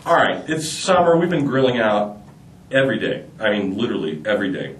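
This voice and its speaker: A man's voice: fairly low pitch, brisk, roomy sound, distant mic, slight background noise. A man hosting a radio show, chatting and telling jokes in a jokey way that repeats itself. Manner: animated, jokey, repeats himself. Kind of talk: morning radio banter and joke telling.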